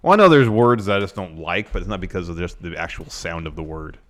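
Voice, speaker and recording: A man with a very deep voice co-hosts an easygoing podcast. His delivery is dry and unhurried, and he reads out listener messages between casual back-and-forth. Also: lively intonation. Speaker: podcast co-host. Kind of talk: casual chat, reading listener comments.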